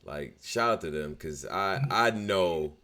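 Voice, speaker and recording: Bright-voiced man in animated banter. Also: deep voice, slow. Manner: animated, profane, trash-talking. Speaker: podcast co-host. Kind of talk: casual recap chat.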